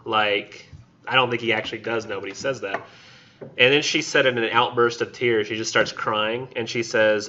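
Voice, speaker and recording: Here a man of medium pitch lectures on literature at a moderate pace, his tone steady yet sharp. Retelling a story casually to a class, he scatters "like" and "um" throughout. Slight background noise sits under a dull, lo-fi recording.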